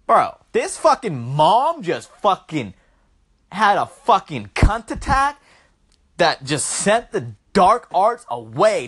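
A young adult vlogger casually recapping a horror movie in a rambling, profane, slangy way. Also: medium pitch.

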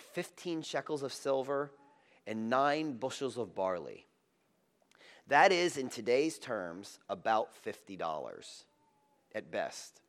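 A man preaching a sermon, moving between loud, emphatic lines and soft, hushed passages. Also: medium pitch. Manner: dramatic, swinging from loud emphasis to hushed tenderness. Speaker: pastor.

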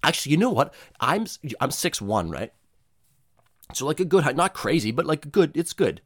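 A young man doing a rambling, profane comedic monologue, often jumping into high-pitched voices for the people he quotes. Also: very animated, normal speed, dry recording, clean studio sound.

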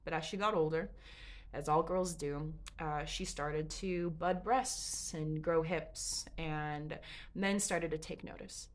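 A woman's voice: sits low, steady tone, takes it slowly. A woman casually retelling a story in a chatty, digressive, frank way, with asides and swearing.

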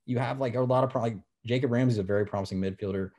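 An American man co-hosting a sports podcast, talking excitedly and filling nearly every phrase with "like". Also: medium pitch, rapid-fire. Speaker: podcast co-host. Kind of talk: casual sports chat.

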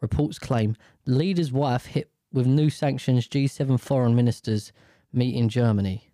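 A man's voice: mid-range voice, moderate pace, warm tone, dry recording, studio quality. A man reading news stories aloud, stumbling over hard words and ranting about them with lots of swearing. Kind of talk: casual reaction commentary.

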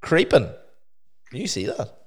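A man's voice: mid-range voice, wildly swooping pitch, a little slow, husky. A Northern Irish man hosting a podcast over a video call, laid-back and teasing. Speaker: podcast host and DJ. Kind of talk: casual podcast chat.

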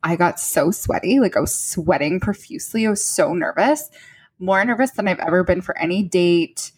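Husky-voiced woman telling a chatty story. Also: on the low side, moderate pace. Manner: chatty storyteller, frequent laughter, many "like" fillers. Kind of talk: casual chat.

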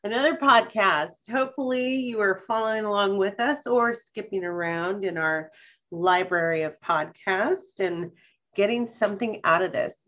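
A woman co-hosting a podcast in casual chat, talking slowly and thoughtfully and reading passages aloud with care. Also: medium pitch, fairly bright tone, lo-fi sound. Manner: slow, thoughtful, reads passages aloud carefully. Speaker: podcast co-host.

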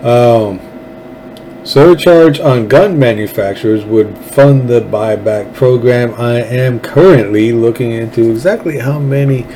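A man's voice: mid-range voice, measured pace, mellow, slight background noise, rough recording. A man from Texas hosting a solo political show, ranting in a blunt, profane and sarcastic way. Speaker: political talk show host.

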